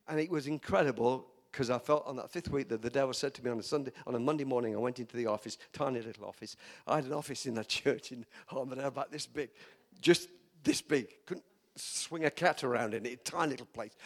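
An older man preaching from the pulpit, a storyteller who acts out every exchange. His voice sits a little high for a man, and he builds up to loud, emphatic declarations. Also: gravelly. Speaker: pastor. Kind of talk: sermon storytelling.

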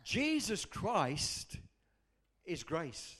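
A man's voice: high voice, very animated, normal speed. A man preaching a sermon, leading call-and-response and telling personal stories. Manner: impassioned, call-and-response, storytelling. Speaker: pastor.

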